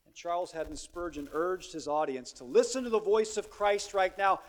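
A man preaching a sermon, moving between hushed storytelling and loud, emphatic exhortation. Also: high-pitched, normal speed, hardly any pauses.

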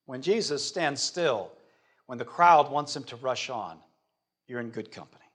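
A man with a mid-range voice preaches a dramatic sermon at a normal speed, animated throughout. He swings between loud declarations and hushed words, putting rhetorical questions to his listeners.

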